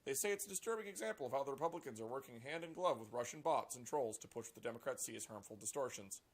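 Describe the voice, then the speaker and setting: A man reading a news article aloud and reacting to it with sarcastic, profane commentary and animated outbursts. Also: medium pitch, very fast. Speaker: political commentary vlogger.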